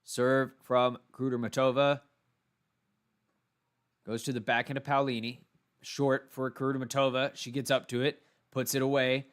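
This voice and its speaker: A man with a Texan accent calls a tennis match shot by shot in a calm, even-tempered way. His voice sits in an ordinary middle pitch, and he adds brief asides between points as he works through a solo live watchalong. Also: moderate pace, pauses often, clean tone. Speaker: tennis commentator.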